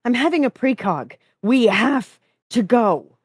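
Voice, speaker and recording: A woman's voice: a little high, lively intonation, takes it slowly, breathy edge, dry recording, studio quality, voice pushed up, exaggerated voice. A woman reading a story aloud, voicing a panicked young male incubus who insists on urgent plans.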